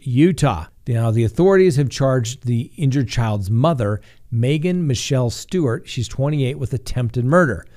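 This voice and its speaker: A man's voice: mid-range voice, darkish tone. A middle-aged man hosting a true crime news show, reading stories with wry, sarcastic asides. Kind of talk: scripted crime news commentary.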